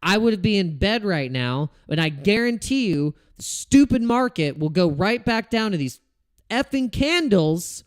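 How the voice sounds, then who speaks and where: A man's voice: high voice, sing-song, a little slow, no echo, studio quality. A man hosting a casual livestream about trading, ranting in frustration, swearing and restarting his sentences. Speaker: crypto trading livestream host.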